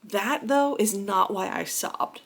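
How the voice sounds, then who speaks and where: A woman's voice: mid-range voice, takes it slowly. A woman in her thirties talking casually in a reading vlog, chatty and gushing, with laughs and sighs. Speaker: book vlogger.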